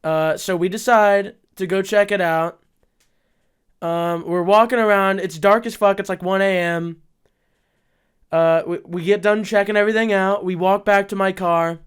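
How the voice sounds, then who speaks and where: A young man co-hosting a podcast, telling a story in casual chat, profane and excitable, laughing often. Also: high-pitched, normal speed, clear, resonant tone. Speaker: podcast co-host.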